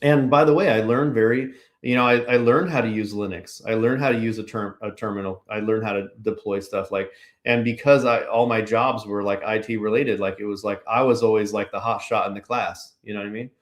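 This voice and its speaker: A man's voice: on the low side, steady tone, a little fast. A man from Pennsylvania, a podcast guest, talking casually and rambling with lots of "like" and "you know". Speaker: podcast guest, business owner. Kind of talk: casual conversational interview.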